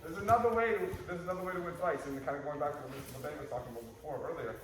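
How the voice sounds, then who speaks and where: A man's voice: a little high, rapid-fire. A man coaching a martial arts class, jokey, acting out little scenes as he explains. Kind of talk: teaching a class. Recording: echoey hall, distant mic, faint noise.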